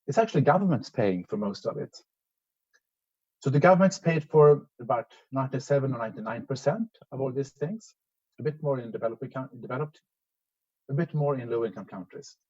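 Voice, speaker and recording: A man's voice: medium pitch, darkish tone, lo-fi sound. Man giving an echoey lecture by video. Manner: measured, explanatory, with frequent restarts and hesitations. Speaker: conference speaker. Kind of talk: academic presentation over video link. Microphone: video call.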